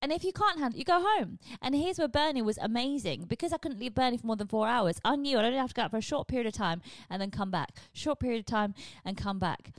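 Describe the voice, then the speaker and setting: A woman talks through a solo podcast episode in a chatty, candid way, swearing freely. Her voice sits a little high, and her pitch jumps up often. The recording is dry and close, with no room sound. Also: expressive, fast, few pauses, no room sound. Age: 40s. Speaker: podcast host. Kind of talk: casual solo podcast monologue.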